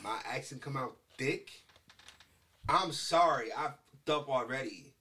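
A man's voice: on the high side, measured pace. Slangy New guy telling stories. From New York. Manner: animated, slangy, tells stories with acted quotes. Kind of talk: casual chat, storytelling.

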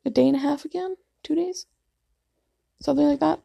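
A woman's voice: high-pitched, a little fast, vocal fry, mellow, no room sound. A woman in her twenties casually telling rambling, self-deprecating stories to camera, with plenty of fillers. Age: 20s. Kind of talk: casual vlog storytelling.

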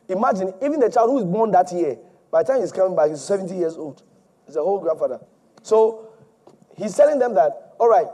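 A male preacher delivering an emphatic, repetitive sermon that swings between loud and soft. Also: sits high.

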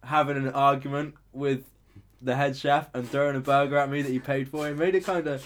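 A young man, telling stories in casual chat, sweary and animated, acting out quotes loudly. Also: mid-range voice, brisk.

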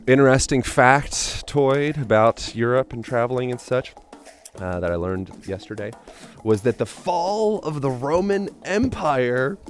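A man hosting a podcast, talking in a loose, joking, playful way. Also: mid-range voice. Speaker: podcast host. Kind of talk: casual podcast monologue.

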